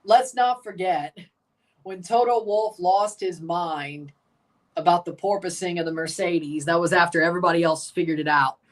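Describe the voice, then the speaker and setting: A man's voice: high-pitched, fairly even intonation, moderate pace. A man hosting a live watchalong, chatting casually in a rambling, sarcastic way and swearing freely. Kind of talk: casual live reaction chat.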